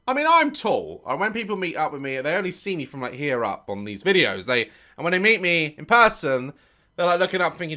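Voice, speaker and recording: A man reacting to a video in loose, casual commentary, his pitch leaping around as he swears and plays up mock outrage. His tone is bright and sharp. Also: sing-song, brisk.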